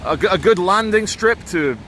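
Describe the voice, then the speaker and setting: Walking through a town, a vlogger of Brazilian origin with a British upbringing chats casually over outdoor street noise. His high, animated voice has a fairly bright tone and normal speed, and he comes across as opinionated, rambling and quick to correct himself.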